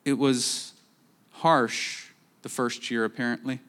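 A man preaching a sermon, jumping up in pitch to act out quoted voices and dropping to slow, quiet emphasis on key points. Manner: animated, acts out quoted voices with rising pitch. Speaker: pastor.

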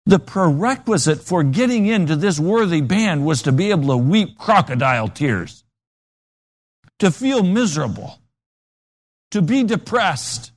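A man's voice: high-pitched, big pitch swings, unhurried. A man preaching a sermon with dramatic, emphatic storytelling.

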